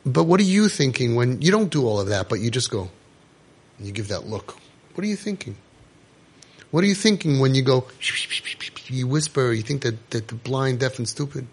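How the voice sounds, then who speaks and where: Raspy gravelly guy, preachy, firing rhetorical questions. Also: medium pitch, a little fast. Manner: animated, preaching, rhetorical questions, Yiddish and Hebrew terms. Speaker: parenting organization speaker. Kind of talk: impassioned monologue.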